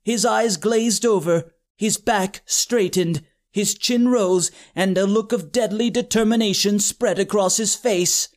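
A narrator reading a comic story in a dry, deadpan manner. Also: medium pitch, a little slow, hardly any pauses. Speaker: audiobook narrator.

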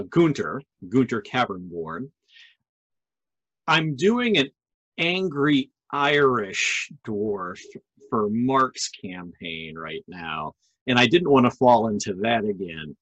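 A man's voice: mid-range voice, fairly bright tone, dry recording, rough recording. A middle-aged man hosting a podcast, chatting casually in a joking manner. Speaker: podcast host. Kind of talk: casual chat.

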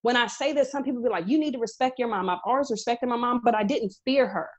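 A young adult woman co-hosting a casual podcast chat, telling animated stories and acting out quoted dialogue. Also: fairly high pitch, fast talker. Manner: animated storyteller, acts out quoted dialogue, says "girl" often. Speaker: podcast co-host, chef.

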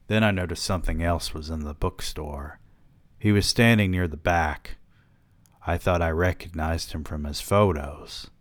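A man reads a novel aloud in a low-key, deadpan way, now and then stepping out for a dry aside. His voice sits very low, and the close mic leaves it dry with no room sound. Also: moderate pace, no room sound. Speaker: podcast host reading a novel aloud. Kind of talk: audiobook-style reading.

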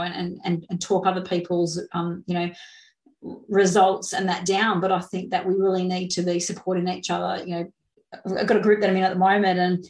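A woman's voice: on the low side, vocal fry, reverberant. A woman, hosting a podcast and chatting with enthusiasm, with plenty of fillers. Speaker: podcast host. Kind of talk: casual interview chat.

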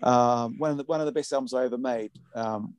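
A man's voice: mid-range voice, brisk, darkish tone, clean tone, no echo. A man, a music producer, talking in a rambling casual podcast chat full of fillers.

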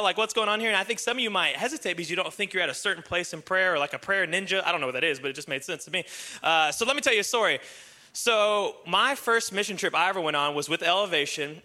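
A young man preaching a sermon, telling a story with jokes and slipping into excited impressions. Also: sits high. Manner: animated, joking, breaks into excited impressions. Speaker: pastor.

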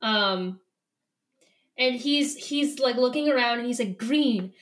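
A woman's voice: fairly high pitch, unhurried, a bit bright. A woman co-hosting a casual podcast, retelling a book's chapter with playful quoted lines. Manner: retells scenes with playful put-on character lines. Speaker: podcast co-host. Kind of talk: casual book recap chat.

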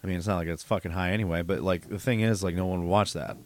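A man's voice: deep voice, fairly even intonation, rapid-fire, no echo. A man co-hosting a podcast, a streamer talking in rambling, profane, emphatic casual chat.

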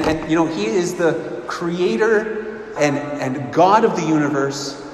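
A man's voice: a little high, slight background noise. A man preaching a sermon with earnest emphasis, often repeating and restarting words. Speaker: pastor. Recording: echoey hall with long reverb.

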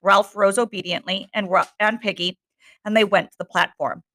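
Bright-voiced woman reading a novel aloud. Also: medium pitch, steady tone, moderate pace. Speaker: reader.

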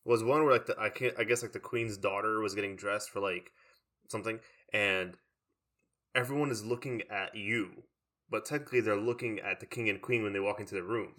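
Young man, casual rambler, low and bright voice, chatty podcast cohost. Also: brisk. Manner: rambling, full of "like" fillers. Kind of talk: casual chat.

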